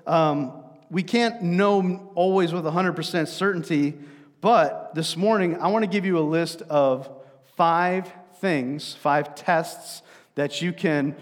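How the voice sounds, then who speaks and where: A man's voice: on the high side, slow pace, long reverb tail. A man preaching a sermon as pastor, telling stories in a conversational way with frequent fillers and restarts.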